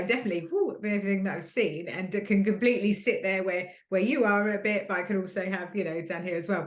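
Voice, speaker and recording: A woman talks casually in a rambling way, full of fillers and restarts. Her voice sits fairly low, and the room around her rings with noticeable echo. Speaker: guest, host's sister. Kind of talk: casual chat. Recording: echoey room sound.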